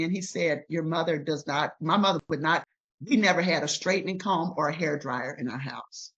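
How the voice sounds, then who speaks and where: Older woman guest, husky and animated, recounting memories on a muffled recording. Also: sits low, moderate pace. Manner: emphatic, animated retelling with voiced quotes. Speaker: interview guest. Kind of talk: storytelling in conversation.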